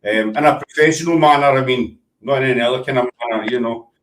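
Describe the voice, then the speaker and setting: A Scottish man hosting a relaxed online chat, joking with his guests. His voice sits in a mid range and carries a roomy echo from the space he talks in. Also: mid-range voice, quick pace, recorded from a distance. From Scotland. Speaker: host. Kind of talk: casual chat over video call.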